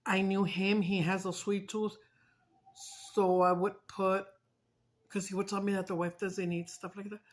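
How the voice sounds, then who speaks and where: In her mukbang vlog, a woman with a medium-pitched voice and a flat, unhurried delivery chats and tells stories with feeling, swearing along the way and mixing in some Spanish.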